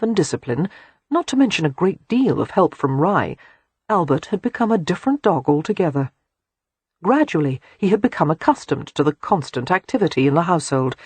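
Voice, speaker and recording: A woman reads a novel aloud with a husky, breathy voice and lively pitch. The sound is dry and close, measured and expressive throughout. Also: no echo. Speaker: audiobook narrator. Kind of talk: scripted narration.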